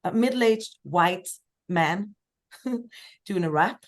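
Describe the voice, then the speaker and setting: A woman from Sweden, a singer-songwriter guest telling lively stories in a casual podcast chat. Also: very slow. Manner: lively storyteller, acts out quoted voices with big pitch jumps.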